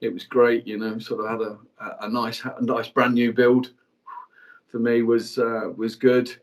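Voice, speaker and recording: A man in his forties telling a personal story to an audience, frank and halting, with many fillers and restarts. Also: medium pitch, flat delivery. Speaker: guest speaker.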